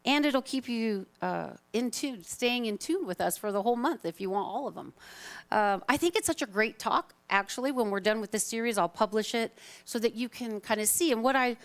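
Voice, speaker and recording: Chatty woman minister, slightly high voice. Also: moderate pace. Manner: chatty, informal, self-deprecating. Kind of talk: live Sunday talk. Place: spiritual center sanctuary, live congregation.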